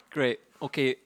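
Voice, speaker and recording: A man's voice: medium pitch, no room sound. A man hosting a casual podcast chat, rambling and often breaking off mid-sentence. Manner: rambling, self-interrupting. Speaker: podcast host.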